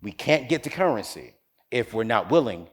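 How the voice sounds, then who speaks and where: Animated motivational speaker man. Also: medium pitch, normal speed, husky. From North Carolina, US. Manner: storytelling, preacher-like crescendos. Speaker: keynote speaker. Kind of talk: motivational speech.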